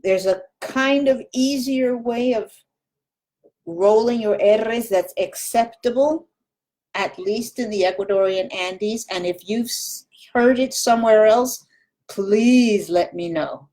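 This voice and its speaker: A woman's voice: fairly high pitch, slow, warm tone. A woman Spanish teacher giving a recorded lesson, patiently repeating practice words and demonstrating sounds.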